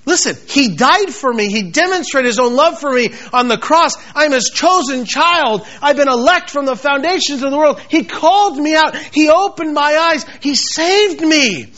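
Guy preaching hard, really high voice, dull lo-fi recording. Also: animated, normal speed, few pauses, bright, forceful tone. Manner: passionate, repetitive, quotes scripture in acted voices. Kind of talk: sermon. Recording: dull lo-fi sound.

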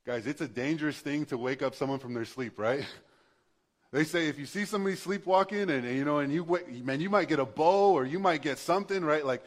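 A male pastor preaching a sermon in a conversational, passionate way, building to emphatic bursts. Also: mid-range voice.

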